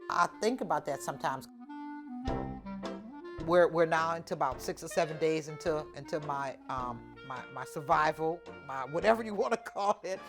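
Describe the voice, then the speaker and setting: A woman, telling her own story in an animated, informal way and acting out the dialogue. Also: low voice, moderate pace, over music. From New Orleans, USA. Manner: animated, acts out the dialogue, informal Southern speech. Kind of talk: personal storytelling.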